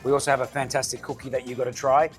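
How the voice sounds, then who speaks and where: At a restaurant comedy club, with soft music behind him, a lively Australian restaurant owner and radio host races through a relaxed interview. His voice is medium-pitched, and he performs the quoted lines in his stories.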